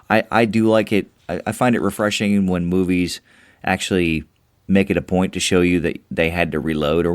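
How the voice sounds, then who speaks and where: A man co-hosting a podcast, chatting casually about movies, animated and jokey. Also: deep voice, no echo, studio quality. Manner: animated, jokey, acts out quotes. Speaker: podcast co-host. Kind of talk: casual movie review chat.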